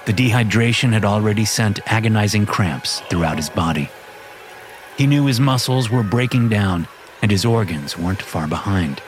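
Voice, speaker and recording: A man narrating a horror story in a steady, measured scripted reading, with music playing behind him. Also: fairly low pitch.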